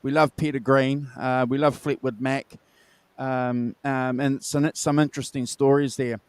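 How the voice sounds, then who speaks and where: Smooth Australian host with a dry mic. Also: male voice, mid-range voice, level tone, measured pace, dry recording. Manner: upbeat, wraps up with plugs. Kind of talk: casual chat.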